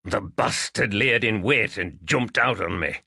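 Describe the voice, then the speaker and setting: A man voicing a big, gruff middle-aged farmer who speaks bluntly and defiantly. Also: lowish voice, measured pace, sharp tone, no echo, clean studio sound, heavily acted. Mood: rueful.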